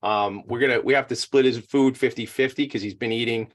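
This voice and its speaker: A man co-hosting a casual chat, rambling and excitable and tripping over his words. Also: mid-range voice, a little fast. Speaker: podcast co-host.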